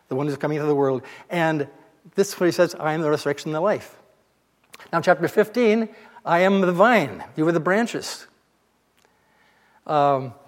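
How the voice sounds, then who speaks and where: A man's voice: fairly high pitch, in a large hall. A male pastor giving a sermon, retelling scripture as a casual, conversational story.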